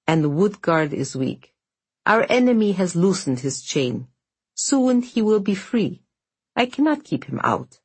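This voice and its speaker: A woman's voice: mid-range voice, big pitch swings, unhurried, breathy edge. A woman voicing a thin, bent male house spirit who mumbles and slurs, weak and fading. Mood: despairing. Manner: mumbling, slurring, defeated.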